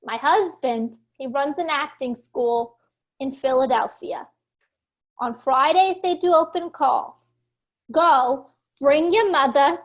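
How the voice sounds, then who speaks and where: A woman impersonating a brash, blunt middle-aged female talent agent who talks in short, clipped, loud lines. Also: high-pitched, slow. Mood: brusque.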